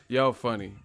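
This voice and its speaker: A man casually chatting on his own live stream, swearing freely and laughing often. His pitch sits mid-range but rises and falls a lot as he talks. Faint music plays in the background. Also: gravelly, pushed and bright. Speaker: host of a boxing live stream.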